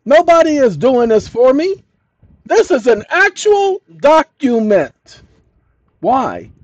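A man's voice: very high-pitched, big pitch swings, takes it slowly, no room sound, lo-fi sound. A man hosting his channel, reading an old document aloud and commenting on it emphatically, often telling listeners to pay attention. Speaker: channel host.

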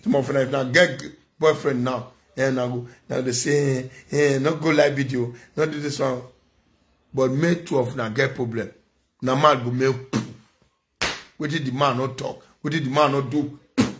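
A man's voice: medium pitch, steady tone, normal speed. A man with a Nigerian accent giving a ranting vlog commentary, scolding and preaching, repeating phrases for emphasis.

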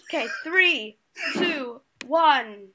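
A woman co-hosting a casual gaming video, excitable and competitive, counting down rounds and yelling out loud when she loses. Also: high-pitched, extremely slow, crowd noise. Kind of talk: casual game commentary.

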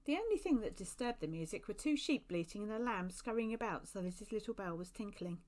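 A woman reading a children's story aloud with lively expression. Her voice sits at an ordinary middle pitch, and she shifts tone as the story moves. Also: brisk.

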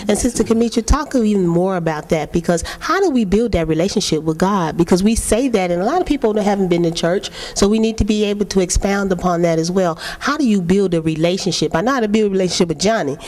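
A woman's voice: medium pitch, expressive, quick pace, hardly any pauses, darkish tone. A woman hosting a church talk show, asking her panel questions and answering them with frequent amens.

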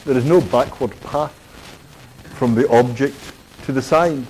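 A man's voice: mid-range voice, a little slow, a little mellow, a little hiss or hum. A man giving a university philosophy lecture, hesitant with many fillers and dry wit, in a lecture hall.

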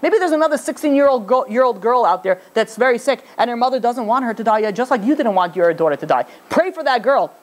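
A man's voice: very high voice, animated, fast, hardly any pauses, pitched above the performer's own voice. A man voicing a wise old woman who consoles a grieving mother, speaking with urgent, pleading force. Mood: urging.

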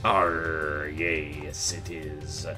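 A man putting on a deep growling pirate warlord. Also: flat delivery, very slow, music in the background, exaggerated voice. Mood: jokey gruff. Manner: growly, drops "arr" into lines. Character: gruff pirate-talking young male warlord. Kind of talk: voicing characters in a visual novel let's play.

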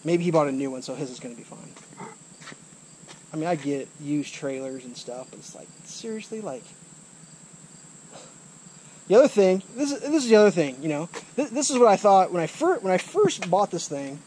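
A man's voice: a little high, sing-song, moderate pace, long pauses, dark tone, slight background noise. A man ranting to camera as a vlogger, frustrated, swearing often and repeating himself, recorded outdoors. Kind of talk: angry rant to camera. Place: outdoors by a trailer.

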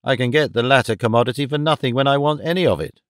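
Composed sceptical gentleman, mild sarcasm, voiced by a male reader. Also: mid-range voice, quick pace, clean tone, no room sound, studio quality, close to an everyday voice. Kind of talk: audiobook reading.

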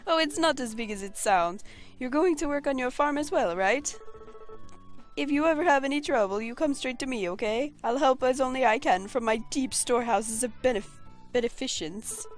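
A woman's voice: high-pitched, normal speed, faint music behind, pitched above the performer's own voice, natural voice. A woman voicing a vain, pompous male farmer with a put-on Italian accent and a flowery, grandiose way of talking. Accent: fake Italian.

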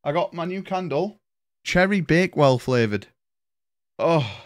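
A man's voice: a little high, lively intonation, measured pace. A man casually chatting and swearing while streaming a video game, calling his viewers "boys" and thanking them.

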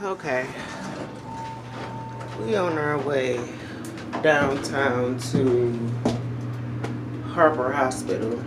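A man's voice: mid-range voice, drawn-out words, long pauses. A man vlogging in a car, talking bluntly and cursing freely. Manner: blunt, profane, laughs often. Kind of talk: casual vlog chat. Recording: noisy car recording.

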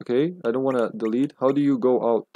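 A man's voice: medium pitch, steady tone, fast, mellow, dull audio. A man streaming a video game live, chatting casually and laughing often, swearing now and then.

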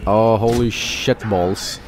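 A male streamer giving excitable live commentary on a game, laughing and shouting exclamations. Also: lowish voice, slow pace, over music.

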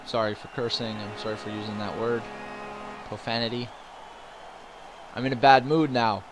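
A man's voice: mid-range voice, fairly even intonation, normal speed, noisy background. A man commenting on his own hockey video game, getting frustrated and swearing at the plays. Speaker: gaming YouTuber. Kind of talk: let's play commentary.

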